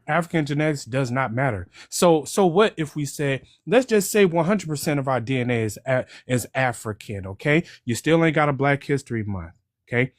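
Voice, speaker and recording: A man's voice: mid-range voice, no echo, clean studio sound. A man calling in to a livestream, arguing emphatically and pressing each point with a repeated "okay?". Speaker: caller. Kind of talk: heated livestream call-in.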